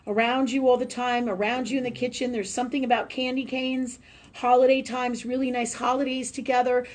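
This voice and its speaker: A woman hosting a live psychic reading, chatty and emotional, laughing often and filling pauses with "um". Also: a little high. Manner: warm, chatty, laughs often, many fillers. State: tearful at times. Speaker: psychic medium host.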